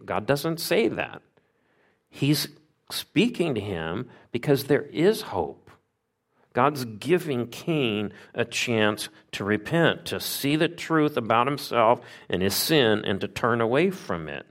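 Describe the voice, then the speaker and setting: Slow and marked by big pitch swings, a middle-aged pastor's mid-range voice carries a conversational sermon. He asks his listeners questions and acts out quoted voices.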